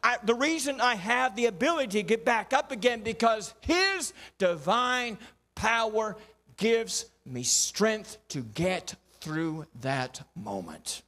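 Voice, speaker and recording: A man's voice: high-pitched, sing-song, takes it slowly, sharp tone. A male pastor, preaching a folksy sermon with rhythmic repeated refrains.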